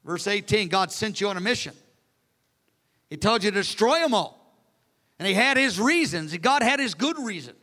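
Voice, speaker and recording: A man with a high, bright voice preaches animatedly, slipping into casual asides. His voice carries through a large hall with a long reverb tail. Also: normal speed, long pauses. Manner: animated, acts out the characters, conversational asides. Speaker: pastor. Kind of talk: sermon.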